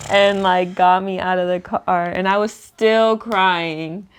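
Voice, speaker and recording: A woman's voice: fairly low pitch, steady tone, slight background noise. A young woman in casual podcast chat, giggling and chiming in with short remarks. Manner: giggly, quick short interjections. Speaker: podcast co-host.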